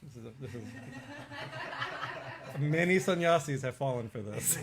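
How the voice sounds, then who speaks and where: A man's voice: medium pitch, lively intonation, fast, noisy background. Chatty laughing man giving a discourse. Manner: chatty storytelling, laughs often, many restarts. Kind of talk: informal religious discourse. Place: temple hall.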